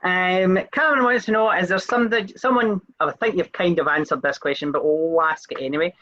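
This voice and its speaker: A man's voice: high-pitched, fairly quick, sharp tone, lo-fi sound. A man hosting a casual interview, reading out viewer questions and encouraging his guest over a video call. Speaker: interview host.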